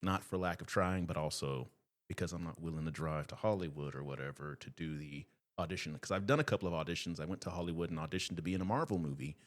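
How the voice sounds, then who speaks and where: A man's voice: deep voice, quick pace. A man who performs, a podcast guest telling stories in casual chat and acting out the people in them. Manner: animated storyteller, acts out quoted voices.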